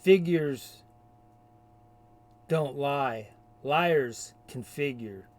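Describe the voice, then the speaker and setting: A man's voice: medium pitch, drawn-out words. A man delivering a combative, insulting rant in a video rebuttal. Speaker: video commentator. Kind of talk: ranting rebuttal.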